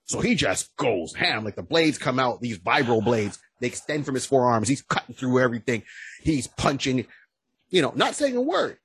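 A man co-hosting a podcast in casual chat, talking excitedly, with stammering restarts and whoops. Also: medium pitch, normal speed, husky, no room sound. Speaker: podcast co-host.

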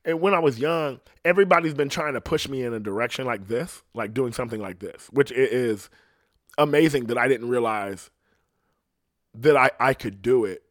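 A man's voice: medium pitch, moderate pace, fairly bright tone, dry recording, studio quality. Profane man talking with a lisp. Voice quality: slight lisp. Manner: profane, rambling rant. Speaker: podcast host. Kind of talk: casual solo monologue.

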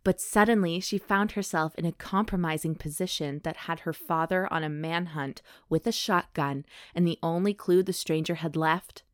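A young woman chats through a book's plot with a laughing, joking manner. Her voice sits a little low for a woman. The sound is close and dry, with no room around it. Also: steady tone, normal speed, hardly any pauses, dry recording. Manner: joking, laughs often, breezy retelling. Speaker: podcast co-host. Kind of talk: casual chat, reading a book blurb aloud.

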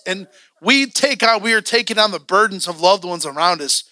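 A man's voice: high voice, normal speed, bright, forceful tone, no room sound. A man teaching a church training class, candid and joking, acting out the voices he quotes.

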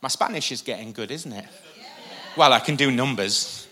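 A male pastor with a medium-pitched voice preaches a sermon from a church stage. He delivers it with animated emphasis and the occasional joke.

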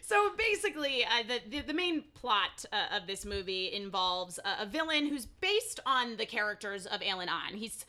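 A woman hosting a casual podcast chat, talking in a quick, animated way with frequent laughter. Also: medium pitch. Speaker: podcast host.

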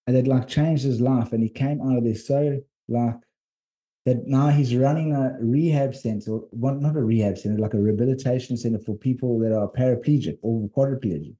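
A South African man recounts his travels in a loose, rambling way, with lots of restarts. His voice is very dark and mellow, sitting at an ordinary pitch. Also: brisk. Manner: rambling, animated storytelling. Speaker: podcast co-host and documentary filmmaker. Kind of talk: casual storytelling chat.

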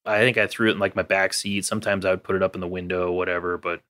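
Man, lower voice, relaxed casual storyteller, loose and chatty. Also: rapid-fire. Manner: relaxed storytelling with many likes and you-knows. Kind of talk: casual chat.

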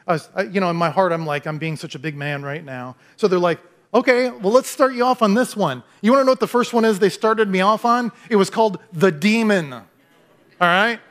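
A middle-aged man preaching a sermon as a pastor, telling animated, self-deprecating stories before a closing prayer. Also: high voice, a little fast.

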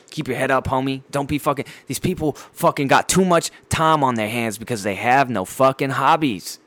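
A man's voice: mid-range voice, dry recording. A man hosting a casual solo podcast, ranting bluntly with heavy swearing, frequent fillers and repeated words. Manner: heavy profanity, blunt and animated. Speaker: podcast host.

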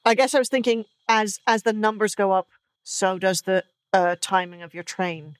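A woman with a mid-range voice reasons through the puzzle step by step, methodical and clear. The sound is close and dry. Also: medium pitch, fairly even intonation, normal speed, dry recording. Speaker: player. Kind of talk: comedy podcast banter.

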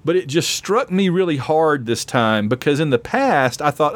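A man's voice: a little high, animated, moderate pace, few pauses, dry recording. A man co-hosting a casual podcast chat, a chatty fan who laughs often and is losing his voice. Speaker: podcast co-host.

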